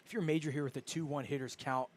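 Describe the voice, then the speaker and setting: A man's voice: a little high, fairly even intonation, quick pace. A man giving chatty, analytical color commentary on a live baseball game.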